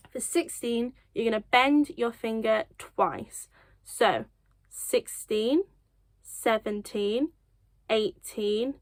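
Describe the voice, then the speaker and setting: Casting: young woman from the UK, kids' sign language teacher, unhurried and encouraging, slightly high voice, dry close sound. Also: no room sound. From United Kingdom. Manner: encouraging, self-deprecating, gentle laughs. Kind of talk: children's lesson, slow counting.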